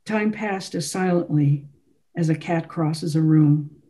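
Brief: a woman author reading her novel aloud, mellow and soft in tone. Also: low-pitched, slow. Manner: first-person literary narration.

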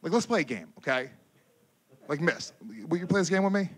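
A man performing a stand-up comedy set on stage, telling a crude story in an animated way and breaking into loud impressions. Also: on the high side, brisk. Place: comedy stage before a live audience.

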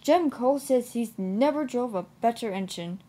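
A woman's voice: on the high side, lively intonation, moderate pace, dark tone. A woman voicing a worried, earnest male engine driver in a storybook reading.

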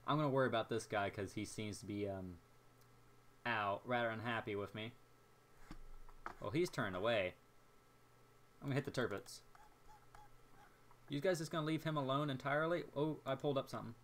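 A young man casually commentating his own naval battle game, excitable and jokey, talking to himself as he plays. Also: mid-range voice, moderate pace, long pauses. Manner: excitable, jokey, talks to himself while playing. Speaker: gameplay commentator.

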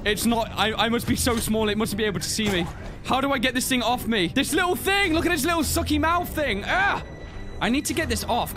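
Panicky high-voiced man over game music. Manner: panicky, talking to himself. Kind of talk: gameplay reaction commentary.

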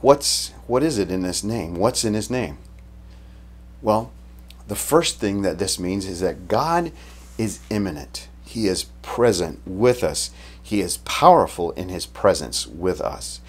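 A man preaching a sermon in a relaxed, conversational way, retelling the story casually and often restarting his sentences. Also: deep voice, measured pace, husky. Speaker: pastor.

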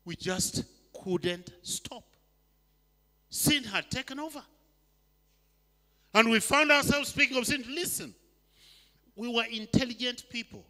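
An elderly preacher from Uganda gives a sermon in a church hall, his voice high and very bright. Urgent, loud pleas give way to soft, slow passages, each phrase trailed by long reverb.

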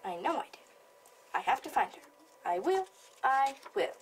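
Storybook baby bird, voiced by a woman reader: small, lost, eager, high childlike cries. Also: sing-song, moderate pace, slight background noise, low-quality recording. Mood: pleading.

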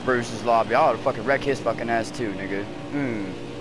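A man at home snaps profanity-laden trash talk at online racing opponents, heated and ranting to his teammates. His voice sits at an ordinary pitch, picked up by a headset. Air-conditioning hum and noise run under the recording. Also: a little fast. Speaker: gamer streaming online racing. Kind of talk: angry gaming trash talk.

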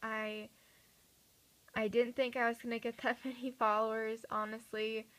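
A teenage girl vlogging at home at night, chatty and earnest, her voice a little raspy from talking a lot. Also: fairly high pitch, flat delivery, normal speed, fairly bright tone, rough recording. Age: teens. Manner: chatty, earnest, many fillers and restarts. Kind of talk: casual chat to camera.

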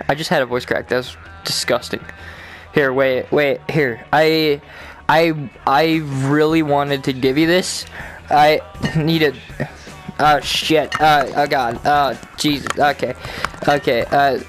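A young adult gaming host giving casual commentary on a VR game while swearing at and talking to the game characters, breaking into shouts and loud laughter. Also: mid-range voice, steady tone, slow pace, soft background music.

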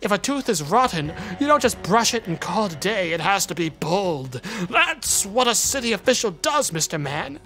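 A man voices a scheming game villain who fancies himself the city's savior, delivering grand speeches with a self-satisfied swagger. The voice is bright and forceful and sits high for a man. Soft music plays underneath. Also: sing-song, normal speed, heavily acted. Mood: grandiose. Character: pompous scheming male city mayor, villain. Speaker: streamer voicing a game's dialogue.

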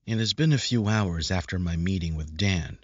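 A man narrates a first-person audiobook with a brooding, searching manner. His voice is deep and husky. The recording sounds dry and dull, with no room around it. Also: moderate pace, no room sound.

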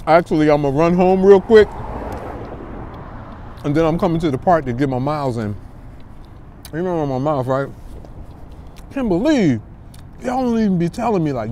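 A man's voice: a little high, animated, moderate pace, pauses often, warm tone, a little hiss or hum. Chatty New man vlogging outdoors. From Newark, New Jersey. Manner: chatty, talks straight to viewers as "y'all". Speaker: food vlogger. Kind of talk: casual chat to camera. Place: outdoors in an urban park by a food truck.

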